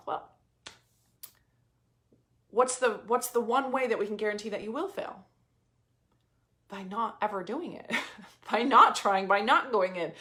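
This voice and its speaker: A woman's voice: fairly high pitch, bright, forceful tone. A woman in her thirties giving a casual motivational talk as a business coach, emphatic, repeating phrases and swearing casually.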